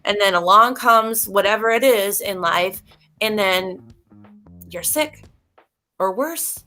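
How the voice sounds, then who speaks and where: Emphatic woman with a bright voice. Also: mid-range voice, slow, faint music behind. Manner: emphatic, preachy, talks straight to viewers. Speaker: livestream host. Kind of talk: casual livestream talk.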